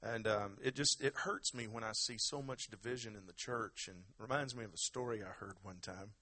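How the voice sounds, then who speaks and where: A man's voice: lowish voice, normal speed, sharp tone. A man preaching a sermon in a conversational, emphatic way and urging the congregation to give praise. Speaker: pastor.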